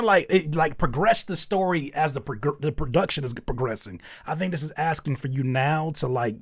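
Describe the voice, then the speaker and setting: Guy reviewing music live, blunt and jokey, gets loud and hyped fast, dry close sound. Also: on the high side, no echo. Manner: animated, jumps to loud excited shouts; blunt, slangy, joking. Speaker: host reviewing submitted music. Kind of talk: casual livestream commentary.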